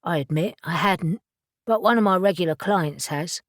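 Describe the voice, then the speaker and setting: A woman's voice: lowish voice, normal speed, dry recording, clean studio sound, natural voice. A woman voicing a nonchalant, self-effacing man with an English accent who speaks politely and wryly. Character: nonchalant, rumpled Englishman, wry charmer.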